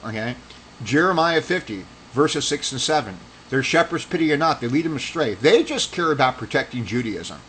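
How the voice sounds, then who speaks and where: A man's voice: mid-range voice, a bit bright, rough recording. Heated argumentative man with faint noise. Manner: rambling with restarts. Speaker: religious commentator. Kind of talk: casual monologue.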